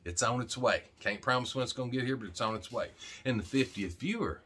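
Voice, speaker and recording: A man's voice: medium pitch, a little fast, pushed and bright, husky. A middle-aged man from Arkansas, chatting casually and rambling as the host of his own vlog, folksy and jokey. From Arkansas, USA. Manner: folksy, jokey, talks straight to camera with a lot of "man". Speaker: channel host.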